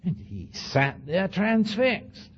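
Older male lecturer with an accent, slightly high and husky, spinning an anecdote for the hall, recorded on a muffled lo-fi archive tape. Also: takes it slowly. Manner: animated storytelling with asides to the audience; says he speaks with an accent. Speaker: speaker addressing an audience.

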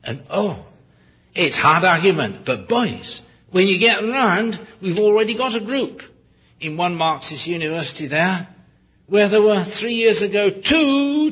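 A man preaching a sermon, emphatic and full of rhetorical questions, often pausing to correct himself with apologies. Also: high-pitched, fairly bright tone, breathy edge. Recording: dull lo-fi recording.

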